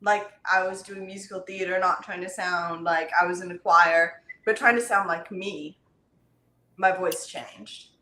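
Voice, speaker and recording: A woman in her twenties, a singer, telling stories in a casual interview, animated and giggly, heard over a video call in an echoey room. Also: on the low side, a little slow, a little hiss or hum. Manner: animated, giggly, quotes herself in voices. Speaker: singer guest.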